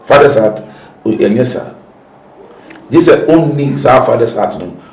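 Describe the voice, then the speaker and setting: A Ghanaian pastor being interviewed, who mixes English with Twi. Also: male voice, mid-range voice, expressive, a little slow, a little mellow, roomy sound. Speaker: pastor and guest.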